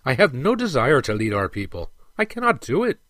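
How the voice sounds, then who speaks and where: A man playing a young dwarf prince who is loyal and worried and speaks in earnest, pleading lines. The pitch is lively and expressive. The voice is close and dry. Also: normal speed, dry recording. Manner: pleading, earnest, a little raised. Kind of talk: audiobook character reading.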